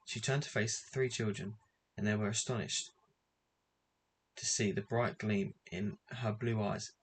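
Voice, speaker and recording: A man reading a children's adventure book aloud in an even, measured way. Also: on the low side, a little hiss or hum. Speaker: reader.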